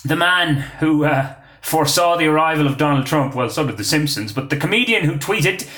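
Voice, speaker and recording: Guy reading quiz answers, bright lively voice, echoey room on a phone mic. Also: a little high, fairly quick. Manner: chatty, joking asides, frequent uh fillers. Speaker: quiz host. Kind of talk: casual pub quiz podcast.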